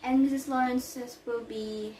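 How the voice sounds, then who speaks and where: A woman's voice: fairly high pitch, fairly even intonation, unhurried, darkish tone, a little hiss or hum, lightly acted. A woman playing a flustered, stammering nanny. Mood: fussy. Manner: flustered, stammering, self-correcting. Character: fussy, flustered nanny, middle-aged woman. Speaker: Juliet's nurse in a class play. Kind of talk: amateur school play acting. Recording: echoey room, far from the mic.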